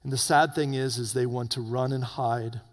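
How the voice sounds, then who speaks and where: A man preaching an evening sermon, swinging between loud urgent peaks and low hushed warnings. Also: fairly even intonation, moderate pace. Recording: long reverb of a hall.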